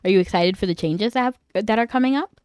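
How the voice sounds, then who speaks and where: Young woman streamer, mid-pitched, playful teasing banter, close and dry. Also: quick pace, a little mellow, clear, resonant tone, no echo. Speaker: livestreamer. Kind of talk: casual livestream chat.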